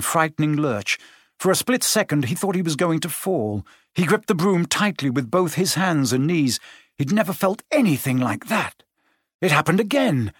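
A man narrating a story aloud, expressive and changing his pace as he reads. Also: on the high side, slightly rough, dry recording, studio quality. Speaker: audiobook narrator. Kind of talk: scripted narration.

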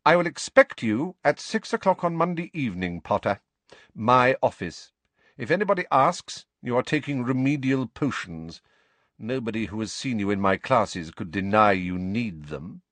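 A man voicing a cold, sneering male teacher who speaks silkily, slowly and softly, in a dry, close recording. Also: medium pitch, very animated, dry recording. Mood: silky. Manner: silky, sneering, slow and soft.

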